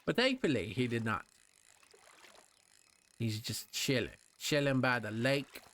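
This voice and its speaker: A man's voice: medium pitch, lively intonation, measured pace, fairly bright tone, slight background noise. A man giving casual, playful let's play commentary, rambling chattily with plenty of fillers as he plays.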